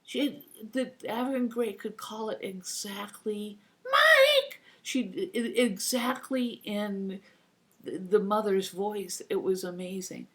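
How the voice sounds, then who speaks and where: A woman in her fifties chats into her computer mic at a middle pitch, telling personal stories in a rambling, casual way. She keeps breaking into the voices of the people in her stories. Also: steady tone, slow pace, a little mellow. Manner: rambling, acts out quoted voices. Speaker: vlogger. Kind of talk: casual anecdotal storytelling.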